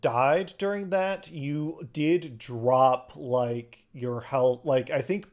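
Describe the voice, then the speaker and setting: A man's voice: medium pitch, extremely slow. A man hosting a group chat as dungeon master, reading out listener questions and rambling through his answers. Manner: rambling, restarts, reads out questions.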